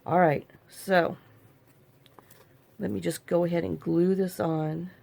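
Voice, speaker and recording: Gravelly-voiced woman chatting while crafting. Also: fairly low pitch, level tone, takes it slowly, a little mellow. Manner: rambling, talks to herself while working. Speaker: crafting channel host. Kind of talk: casual crafting tutorial chat.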